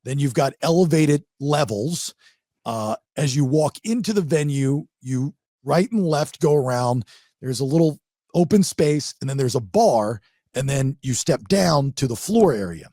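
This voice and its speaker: A man hosts a casual podcast, telling radio stories with growing excitement. His pitch moves a lot as he talks, and the recording is close and dry with no room sound. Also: a little slow, no echo. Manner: animated storyteller, rising excitement in anecdotes. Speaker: radio host. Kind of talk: casual podcast chat, storytelling.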